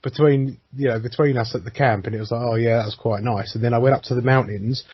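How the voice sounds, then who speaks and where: A man's voice: mid-range voice, steady tone, fast, breathy edge. A man co-hosting a podcast, chatting casually, laughing often, swearing, and acting out quoted voices. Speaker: podcast co-host. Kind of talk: casual chat. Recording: dry, muffled lo-fi sound.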